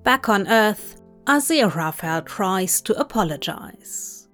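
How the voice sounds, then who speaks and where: A woman reading a fanfiction story aloud in measured, gently wry scripted narration. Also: mid-range voice, lively intonation, soft background music. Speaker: podfic reader.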